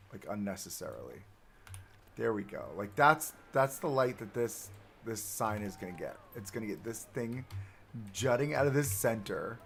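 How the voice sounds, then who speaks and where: A man's voice: mid-range voice, gravelly, fairly bright tone, slight background noise. A young man chatting to himself and his viewers as he builds in a live game stream. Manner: chatty, self-talking while building. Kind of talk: live gameplay commentary.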